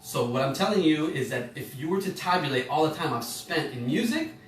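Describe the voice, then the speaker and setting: A man with a slightly high, quick voice and wide pitch swings teaches an online emotional intelligence class. He talks informally, rambling and correcting himself as he poses questions to his listeners. The room is echoey, he sits a bit far from the mic, and faint music plays.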